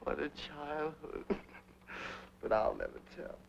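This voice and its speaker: A man's voice: fairly high pitch, slow pace, creaky, background noise. A man being interviewed, telling candid childhood stories and laughing often. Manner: laughs often, animated, playful. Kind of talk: candid storytelling. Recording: dull lo-fi 1960s film sound.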